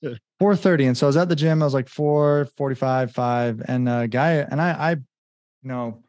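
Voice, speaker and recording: A man's voice: mid-range voice, normal speed, a little mellow, no echo. A man talking as a podcast guest, telling a personal story in an earnest, casual way, with many "like" fillers and acted-out bits of remembered dialogue.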